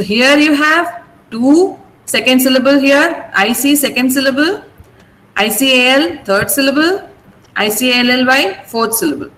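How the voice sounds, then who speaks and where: A woman's voice: high voice, a bit bright, a little hiss or hum, low-quality recording. A woman teacher running an online class, patiently spelling out word endings and explaining which syllable is stressed. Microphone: video call.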